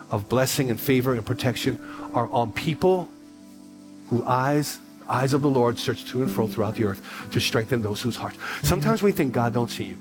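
A middle-aged man pastor giving a sermon, telling stories and acting out dialogue, repeating phrases for emphasis. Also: medium pitch.

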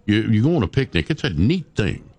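A man's voice: on the low side, big pitch swings, brisk, darkish tone, no echo. A man hosting a morning radio show, chatting in a rambling way with stammered repeats. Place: radio studio. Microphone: studio microphone.

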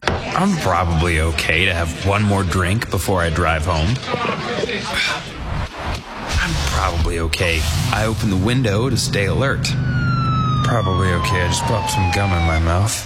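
A man's voice: low voice, wildly swooping pitch, moderate pace, over loud music. A man playing a driver who keeps telling himself he is fine to drive after drinking, in a radio ad. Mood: self-assuring. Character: man talking himself into driving buzzed. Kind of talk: radio ad acting.

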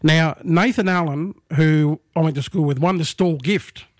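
A middle-aged man with an Australian accent, telling stories in a casual chat, animated and laughing as he acts out what others said. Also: fairly high pitch, normal speed, no echo, studio quality. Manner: animated yarn-spinning, laughs often, acts out quoted voices.

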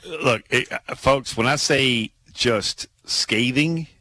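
A man hosting a casual sports talk show, excitable and laughing, with many restarts. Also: medium pitch, slow pace, dry recording, rough recording.

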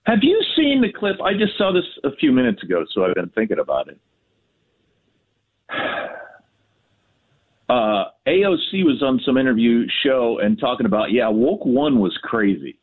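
A man's voice: medium pitch, huge pitch swings, moderate pace, pauses often. Laid-back man on a tinny phone line. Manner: casual, rambling, laid-back.

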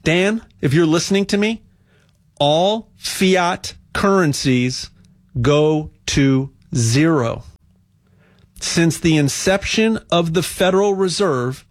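Rambling, excitable man pitching gold. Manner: rambling, repeats words, rants. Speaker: gold promoter. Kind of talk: casual sales monologue.

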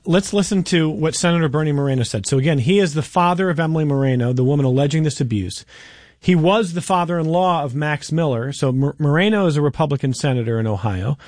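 A man's voice: fairly high pitch, darkish tone, dry recording, studio quality. A man hosting a talk show, asking pointed questions and setting up clips. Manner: probing, question-driven. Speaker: host.

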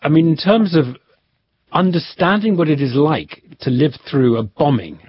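A man interviewing guests on the radio, asking gentle, probing questions. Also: a little high, animated, normal speed, breathy edge. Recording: dull lo-fi broadcast audio.

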